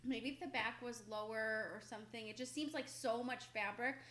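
A woman in a casual chat who agrees often, chiming in with quick yeps and mm-hmms. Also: a little high, steady tone, noisy background.

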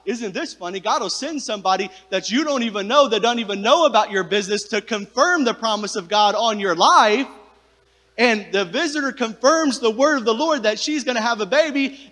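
A man's voice: very high-pitched, fairly quick, pushed and bright, big-room sound. A male pastor preaching a sermon, talking conversationally and directly to his congregation in a church sanctuary.

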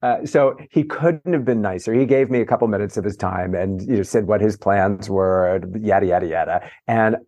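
A middle-aged man, a journalist and author, telling lively, self-mocking stories in a casual interview. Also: fairly low pitch, normal speed, few pauses, highs cut off. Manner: animated, self-mocking anecdotes with playful voices. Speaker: entertainment journalist and author, guest.

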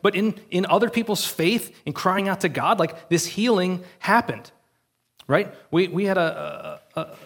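A man's voice: high voice, a bit bright, breathy edge. A male pastor giving an earnest, conversational sermon and often checking in with the congregation.

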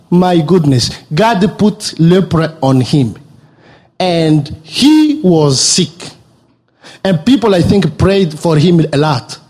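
A man from Africa preaching a sermon as a lively storyteller who repeats words for emphasis. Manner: animated storytelling with repeated words and sudden leaps in pitch.

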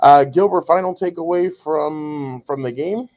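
A man's voice: on the high side, measured pace, darkish tone. A man co-hosting a casual sports podcast, chatty and upbeat, often rambling. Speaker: podcast co-host.

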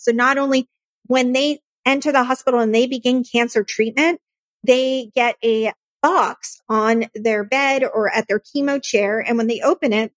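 A woman's voice: a little high, no room sound. A woman founder telling her personal story in a podcast interview, earnest and emotional. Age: adult, married. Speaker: nonprofit founder and guest.

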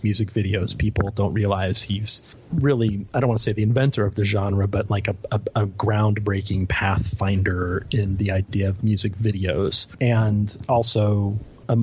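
A man with a low, husky voice co-hosts a podcast and tells a story animatedly. He stumbles and repeats himself as he goes. The audio is dull and lo-fi. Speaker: podcast co-host. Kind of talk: casual chat.

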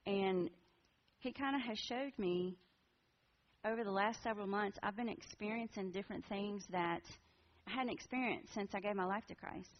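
A woman's voice: medium pitch, normal speed. A woman in her forties giving a candid, earnest personal testimony to a church group in a conversational way. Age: 40s. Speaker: women's ministry speaker. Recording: dull lo-fi recording.

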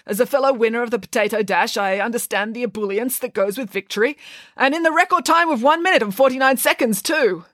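A woman's voice: fairly high pitch, fast, a bit bright, dry recording, clean studio sound, voice pushed up, lightly acted. A woman doing a pompous, fussy vice principal. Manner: pompous, formal wording. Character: pompous older male school vice principal.

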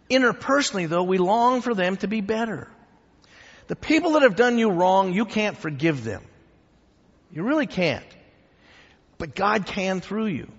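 A man preaching a sermon and teaching church history in an animated, humorous, conversational way. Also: high voice. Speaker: pastor. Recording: dull echoing hall sound.

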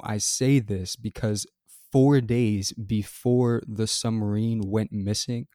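A man hosting a solo podcast, reading news details and then giving his earnest, measured opinion. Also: fairly low pitch, mellow, dry recording, studio quality. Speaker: podcast host. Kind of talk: scripted solo commentary.

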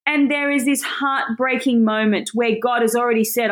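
Brief: woman Bible teacher, lively casual preaching, higher voice, quick laughs. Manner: animated, self-deprecating, laughs often. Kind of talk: casual sermon.

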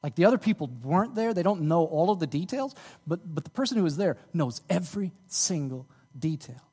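Animated preaching man in a big hall. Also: fairly high pitch, fairly quick, slightly rough. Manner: animated, rises to emphatic peaks. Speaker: pastor. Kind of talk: sermon.

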